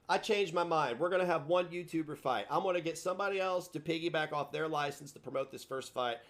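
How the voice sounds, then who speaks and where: A man's voice: a little high, quick pace, hardly any pauses, a bit bright. A man hosting a live stream, taunting and mocking a caller in a sarcastic rant.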